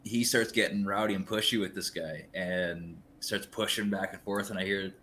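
A man's voice: sits low, normal speed, a little hiss or hum. A man casually telling a long story, rambling and swearing freely as he acts out the scene. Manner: rambling, profane, lively retelling.

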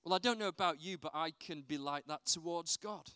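A man delivers a sermon in a high, clear voice, telling anecdotes and asking the listeners rhetorical questions. The recording is dry and close, with no room echo. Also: a little fast. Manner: animated storytelling with rhetorical questions. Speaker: preacher.

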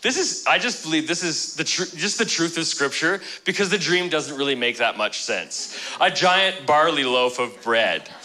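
Bright-voiced joking male pastor. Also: on the high side, lively intonation, moderate pace, hardly any pauses, low-quality recording. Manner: joking, conversational storytelling. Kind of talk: sermon.

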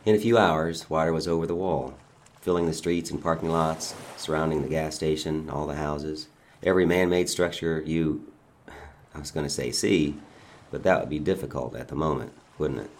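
Low-voiced man, calm and menacing. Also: moderate pace. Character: pediatrician father taunting a bound governor. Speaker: narrator of a dramatic monologue. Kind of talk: dramatic story reading.

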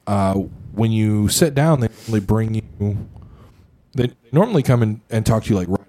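A man's voice: on the low side, animated, moderate pace, mellow. A young man co-hosting a podcast, telling a story in a rambling, casual way with lots of fillers and swearing. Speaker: podcast co-host.

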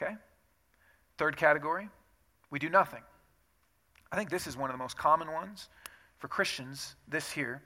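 A man's voice: on the high side, normal speed, long pauses. A man, a pastor, giving a sermon and acting out the excuses people make in shifting voices. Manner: animated, acts out quoted excuses in shifting tones.

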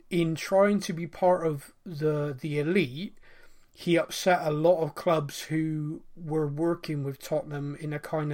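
Brief: male podcast host, slightly high pitch, chatty, stumbles and restarts, goes off on tangents. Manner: rambling, self-interrupting, fond of mimicking accents. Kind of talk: casual chat.

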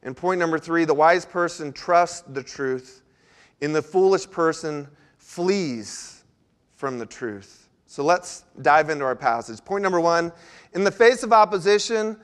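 A man pastor giving a sermon, telling a story with animated asides before laying out his points. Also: a little high.

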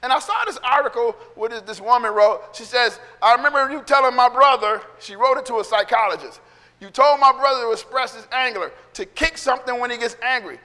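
A man's voice: very high voice, fairly quick, pushed and bright, long reverb tail. A middle-aged male pastor preaching a sermon in a conversational way, acting out quotes and laughing between points.

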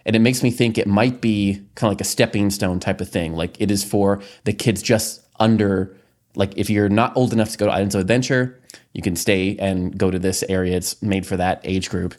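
A man's voice: lowish voice, a little fast, a little mellow. A man hosting a podcast, chatting casually with frequent fillers and laughs. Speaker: podcast host. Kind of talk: casual discussion.

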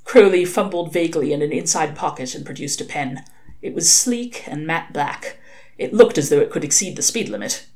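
A woman reading a novel aloud, narrating with lively expression. Her voice sits slightly low for a woman, steady and clear through the story. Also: normal speed. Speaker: reader.

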